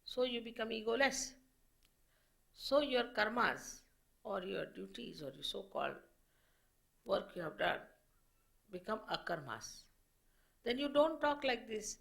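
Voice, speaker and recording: A woman giving a public spiritual lecture as a teacher, explaining slowly and in measured phrases with pauses. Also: a little high, expressive, vocal fry, fairly bright tone.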